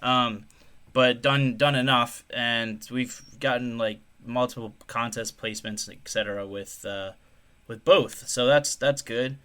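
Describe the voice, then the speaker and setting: Co-hosting a casual podcast, this man has a smooth, steady voice and a measured pace. He swears freely, jokes around with his co-host, and slips into loud, high mock voices.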